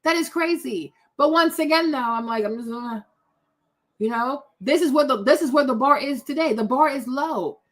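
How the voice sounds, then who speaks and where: A woman host giving casual reaction commentary on pictures, animated and exclaiming, repeating herself a lot. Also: high-pitched, moderate pace. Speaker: commentary vlogger.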